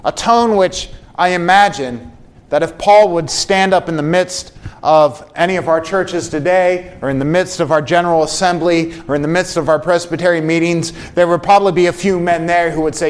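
A pastor gives a sermon in a high, clear tenor and talks to his flock in an earnest way. His voice climbs and gets stronger when he stresses a point. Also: steady tone, moderate pace. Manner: earnest preaching, voice rising for emphasis.

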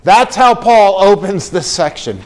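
A pastor gives a sermon in a high, clear tenor and talks to his flock in an earnest way. His voice climbs and gets stronger when he stresses a point. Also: lively intonation, measured pace, darkish tone, slight background noise. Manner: earnest preaching, voice rising for emphasis.

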